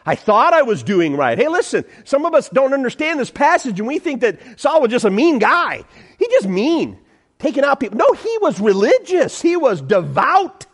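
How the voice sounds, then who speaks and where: A man's voice: very high-pitched, sing-song, moderate pace. A man preaching a sermon as pastor in a church, emphatic, repeating phrases and calling out to the congregation.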